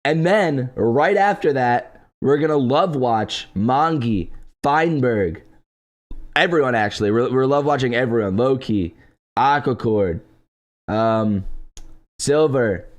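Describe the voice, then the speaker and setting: A man's voice: mid-range voice, lively intonation, slow. A young man streaming live, chatting casually with his viewers and thanking donors, his voice stuffy and congested from just waking up. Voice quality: congested morning voice. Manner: laid-back, answers chat and thanks donors.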